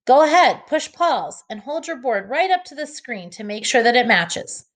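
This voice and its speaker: A woman teacher giving an early reading lesson to children, slowly sounding out each letter and word. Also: sits high, big pitch swings.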